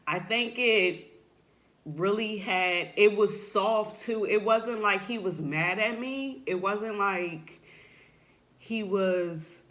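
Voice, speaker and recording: A woman giving a heartfelt, unscripted faith testimony. She speaks earnestly and haltingly, often filling pauses with "like" and "you know," and turns emotional and soft at times. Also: medium pitch. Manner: emotional, voice drops softly at times. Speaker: person sharing a faith testimony.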